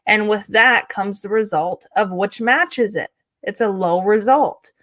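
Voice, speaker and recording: A woman co-hosting a podcast, explaining ideas in a steady motivational manner and often asking "right?". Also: medium pitch, unhurried. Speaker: podcast co-host. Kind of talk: casual motivational chat.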